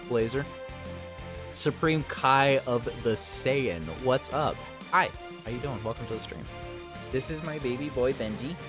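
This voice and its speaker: A man chatting casually on a game live stream, talking to viewers and his pets. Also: medium pitch. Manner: chatty, talks to viewers and pets, laughs often. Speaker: gaming streamer. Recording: faint guitar music behind.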